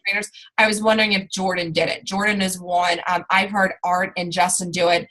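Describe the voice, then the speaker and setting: A woman's voice: lowish voice, flat delivery, a little fast, a bit bright, rough recording. A woman giving an informal training talk to her sales team, rambling along with lots of fillers and restarts.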